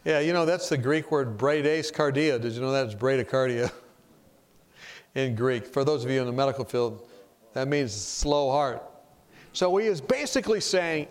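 Male preacher, mid-pitched, talks straight and plain, tells anecdotes and quizzes the room. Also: normal speed. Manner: direct, storytelling, asks the audience questions. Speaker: preacher teaching a class. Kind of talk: conversational sermon with stories.

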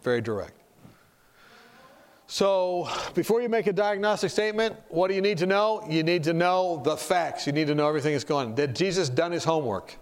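A man's voice: on the high side, animated, fairly quick. A man preaching in a conversational way, telling stories and asking his listeners questions. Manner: direct, storytelling, asks the audience questions. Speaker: preacher teaching a class.

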